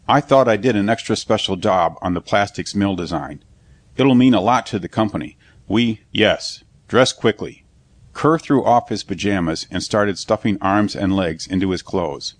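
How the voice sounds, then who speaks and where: A man reading a science fiction audiobook aloud as narrator, giving the dialogue light voices. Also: low-pitched. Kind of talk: scripted narration.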